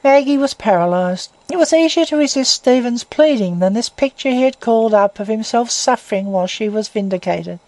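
A woman's voice: fairly high pitch, darkish tone, no room sound, rough recording. Woman narrating an audiobook. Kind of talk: audiobook reading of a classic novel.

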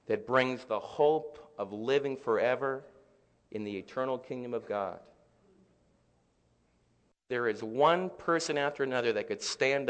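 Man preaching in a reverberant hall. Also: mid-range voice. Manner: dynamic preaching, rising to loud peaks then dropping soft. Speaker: pastor. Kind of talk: sermon. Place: church sanctuary.

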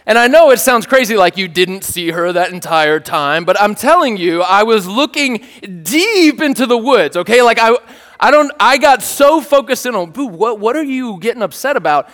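High-voiced playful preacher in a reverberant hall. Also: male voice, normal speed. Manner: animated, playful, joking with the congregation. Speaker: pastor. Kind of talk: sermon storytelling.

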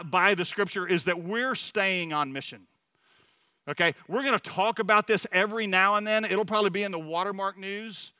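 A middle-aged church leader preaches at a Sunday service, earnest and personal, telling stories and often restarting his sentences. His high-pitched voice is sharp and clean, recorded dry.

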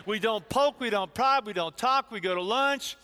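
A man voicing a patient female kindergarten teacher who slowly and gently scolds a grown-up helper. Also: fairly high pitch, pitched above the performer's own voice. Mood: gently scolding.

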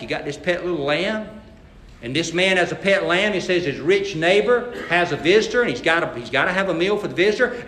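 A man's voice: high voice, sharp tone, echoey room. A man preaching a sermon, reading scripture dramatically and talking to the congregation in a folksy way. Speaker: pastor.

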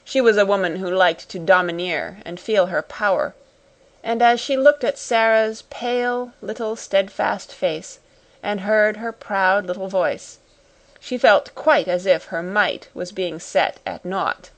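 A woman narrating a classic storybook audiobook in a measured, even manner. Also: mid-range voice.

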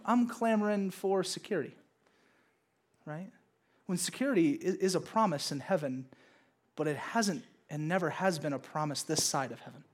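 A man in his thirties preaching a casual sermon to a congregation, playfully acting out his kids and God in raised voices. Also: sits high. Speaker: pastor. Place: church service with congregation.

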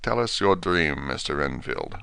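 A man playing a stern older professor who speaks in a quiet, grave, measured way. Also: fairly low pitch, no echo.

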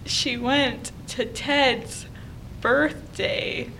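A woman's voice: sits high, fairly even intonation, very slow, heavy background noise. A young woman co-hosting a podcast in casual, playful chat, often laughing as she jokes. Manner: giggly, playful, joking. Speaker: podcast co-host.

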